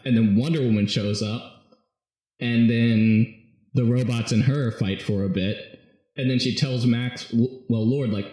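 A man in casual chat, animatedly retelling a comic story and slipping into quick quoted voices. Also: medium pitch, steady tone, a little mellow. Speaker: podcast co-host recapping a comic. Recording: echoey room.

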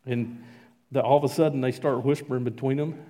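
A man giving an informal sermon and reading scripture aloud, conversational and halting, with frequent fillers and restarts. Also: medium pitch, fairly even intonation, mellow. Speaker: lay preacher.

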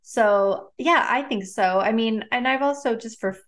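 A woman speaking as a guest, telling personal stories in a relaxed, chatty way with many fillers and frequent laughs. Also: fairly high pitch, measured pace. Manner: chatty, lots of "like" and "um", laughs often. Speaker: guest, neuroscientist and author. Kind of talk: casual storytelling in a conversation.

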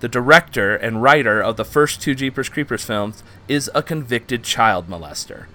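A man's voice: medium pitch, animated, moderate pace, sharp tone, a little hiss or hum. A man hosting a casual podcast chat. He reads quiz questions aloud, gives out the scores and laughs easily. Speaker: podcast host running a quiz.

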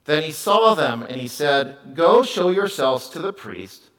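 Man preaching a lively conversational sermon. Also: a little high, a little slow, poor audio. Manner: conversational preaching, swings from quiet to loud emphatic calls. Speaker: pastor.

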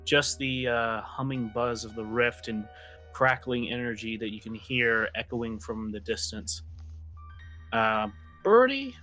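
A man's voice: medium pitch, lively intonation, measured pace, sharp tone, faint music behind. A man narrating a tabletop game as game master, casual and drawling, with fillers and swearing.

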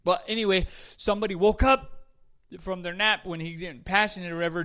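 A man preaches in a loose, conversational way, tossing in jokes and catching his own slips. His voice is bright and forward, pitched a little high for a man. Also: a little fast. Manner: chatty, jokey, self-correcting, laughs at himself. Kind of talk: casual podcast sermon.

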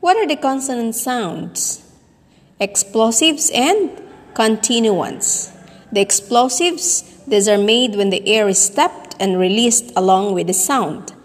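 A woman teacher giving a voice lesson, speaking slowly and deliberately and demonstrating sounds and word stress. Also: fairly high pitch, expressive. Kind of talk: recorded voice lesson. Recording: long reverb.

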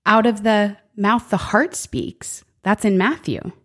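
A woman's voice: medium pitch, slow pace, fairly bright tone. A woman co-hosting a faith conversation, speaking earnestly and reflectively and quoting scripture. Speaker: podcast co-host.

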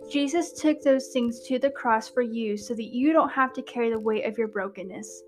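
A woman hosting a podcast, reading her own devotional in an earnest tone that drops to hushed emphasis. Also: medium pitch.

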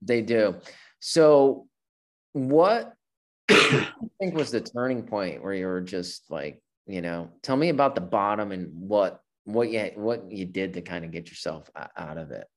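A man's voice: on the low side, lively intonation, measured pace. A man hosting an interview who asks his questions in an enthusiastic, rambling way. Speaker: interview host. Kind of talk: casual interview.

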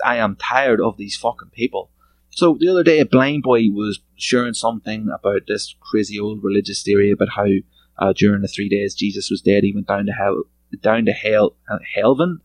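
A man's voice: fairly low pitch, fairly quick, dry recording, rough recording. A man hosting a solo podcast, ranting in a sarcastic, profane, mocking way. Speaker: podcast host.

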